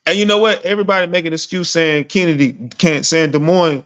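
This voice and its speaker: Brief: high-pitched male sports streamer, blunt and profane, rambling casual rant. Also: fairly even intonation, brisk, few pauses, lo-fi sound. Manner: rhetorical "see what I'm saying?" asides. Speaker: sports talk host. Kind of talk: casual sports talk livestream.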